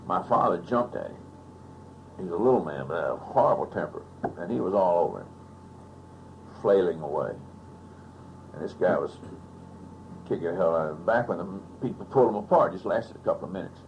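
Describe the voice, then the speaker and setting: Gravelly older Texan storyteller. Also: male voice, deep voice, expressive, a little fast, pauses often, dull audio. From Texas. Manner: anecdotal, chuckling raconteur. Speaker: oral history interviewee. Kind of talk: storytelling interview. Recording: archival audio with faint hiss.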